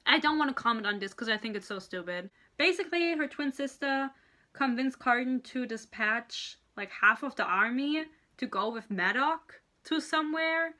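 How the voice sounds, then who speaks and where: A woman's voice: high-pitched, animated, bright, forceful tone. Exasperated, foul-mouthed woman ranting. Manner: exasperated, profane, sarcastic; acts out characters in quick impressions. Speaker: book reviewer. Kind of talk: ranting book review vlog.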